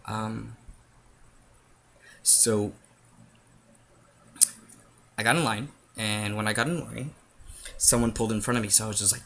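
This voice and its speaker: A man's voice: on the low side, unhurried, creaky, long pauses, fairly bright tone, slight background noise. A man telling a casual story-time vlog, rambling and interrupting himself as he goes. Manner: rambling, self-interrupting, chatty.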